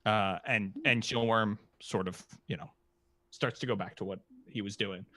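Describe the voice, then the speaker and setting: A man running a tabletop game as game master, narrating in a relaxed, halting way with many fillers. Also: fairly low pitch, no room sound. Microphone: podcast mic.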